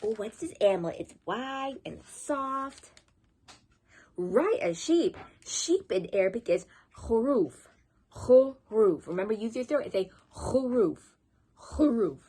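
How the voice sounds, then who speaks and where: A woman leading a children's storytime as librarian, encouraging and sing-song, teaching words slowly. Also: fairly high pitch, lively intonation, darkish tone, breathy edge.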